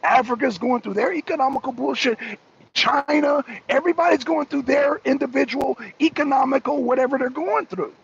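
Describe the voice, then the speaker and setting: A man's voice: very high voice, brisk, vocal fry. A middle-aged American man hosting a political live stream, arguing with viewers in the chat and repeating his points. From United States. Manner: argumentative, addresses chat by name, repeats himself. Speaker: talk show host. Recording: dull lo-fi stream audio.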